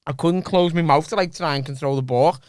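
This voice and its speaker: A young man hosts a casual podcast, rattling off a rambling, profane anecdote at high speed. His voice is smooth and resonant, sitting a touch high for a man. The mic is close and the sound dry. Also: a little fast, no echo. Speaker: podcast host. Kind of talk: casual chat, storytelling.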